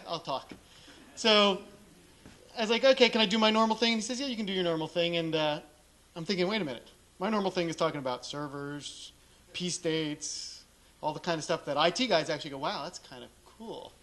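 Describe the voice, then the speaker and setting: A man's voice: a little high, fairly bright tone. A middle-aged man speaking on a conference stage, telling a candid personal story in a casual way and acting out the dialogue he quotes.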